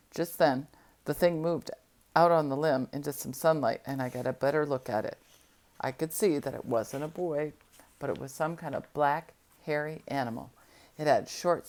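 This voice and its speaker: A woman with a low voice reads a novel aloud in the first person. Her telling is steady and even-paced, carrying the story along line by line. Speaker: audiobook reader.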